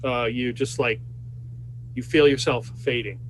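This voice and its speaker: A man's voice: mid-range voice, steady tone, measured pace, slight background noise. A man acting as game master, narrating a tabletop game over a voice call in a loose, hesitant way with many fillers.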